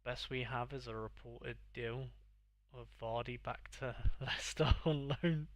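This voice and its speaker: A man's voice: mid-range voice, steady tone, measured pace, no echo. A young man hosting a casual livestream, talking to his chat in exasperated, sweary banter. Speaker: livestream host.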